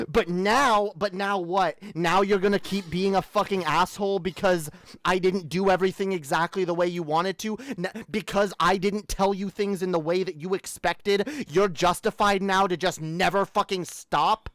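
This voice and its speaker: A woman's voice: mid-range voice, fairly even intonation, moderate pace, dry recording. A woman hosting a live stream, ranting angrily with heavy swearing. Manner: angry, profane ranting. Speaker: streamer host.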